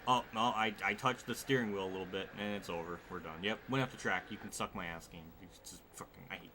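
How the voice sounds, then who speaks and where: Speaking quickly in a deep voice, this man provides live commentary while streaming a racing game at his home desk. He keeps erupting in exasperated swearing, and a constant noise sits behind him.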